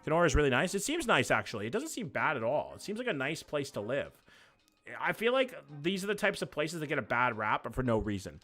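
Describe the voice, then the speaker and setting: A man's voice: a little high, sing-song, fast talker, a bit bright. A young man hosting a live reaction stream, chatting loosely with viewers, swearing and joking as he reacts to what he sees. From Canada. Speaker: livestream host.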